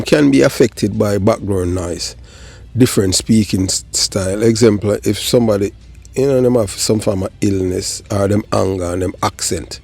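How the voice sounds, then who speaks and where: A man's voice: fairly low pitch, darkish tone. A Jamaican man hosting his channel, giving a rambling casual commentary that slips in and out of patois. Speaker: channel host.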